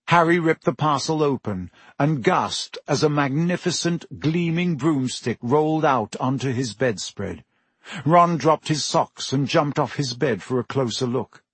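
A man narrating a storybook in a steady, descriptive storytelling manner on a close mic. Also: fairly high pitch, husky, dry recording. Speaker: audiobook narrator. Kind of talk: scripted narration.

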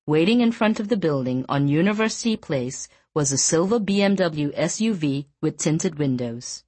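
A woman narrating a novel as an audiobook in measured, even storytelling. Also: sits low, no echo. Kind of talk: scripted narration.

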